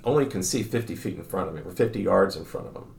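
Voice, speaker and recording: An older man, a grandfather, telling stories in conversation, halting and repeating words, acting out the people in them. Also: sits low, lively intonation, creaky, a little mellow, reverberant, a little hiss or hum. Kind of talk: conversational storytelling.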